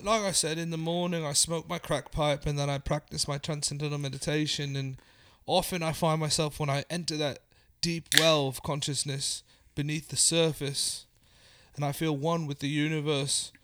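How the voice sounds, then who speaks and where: A young man with a Northern English accent answers in a comic interview with a straight face. He rambles earnestly, and his voice sits a little high. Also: level tone, normal speed, fairly bright tone. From England. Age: young adult. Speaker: interview guest. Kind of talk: deadpan comedic interview.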